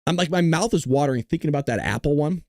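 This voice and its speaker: Animated Southern Californian man hosting. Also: a little high, fast, dry recording, studio quality. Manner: joking, animated, rambling. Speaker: host. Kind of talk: livestream commentary. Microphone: close mic.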